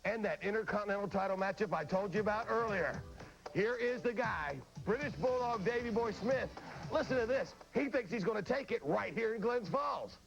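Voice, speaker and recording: A man hosting a wrestling TV show, pitching a live event in an upbeat, salesy way. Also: lively intonation, normal speed, vocal fry, highs cut off, soft background music. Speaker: TV show host. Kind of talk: energetic event promotion.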